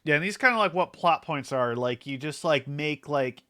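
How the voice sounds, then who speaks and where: Male streamer, bright crisp voice, rambly filler-heavy chatter, a bit wired. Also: on the high side, animated, moderate pace. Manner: rambling with many fillers, laughs often. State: hyper from an energy drink. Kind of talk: casual livestream chat.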